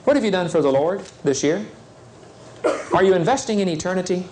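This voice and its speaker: A man's voice: high-pitched, animated, brisk, noisy background. A man preaching to young people at a seminar, folksy and urgent, acting out little scenes as he talks. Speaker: evangelist speaker.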